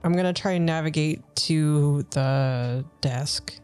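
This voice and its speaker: A woman's voice: low voice, slow, a little mellow, smooth, faint music behind. A woman playing her character in a tabletop game, talking in a casual, chatty way. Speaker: player.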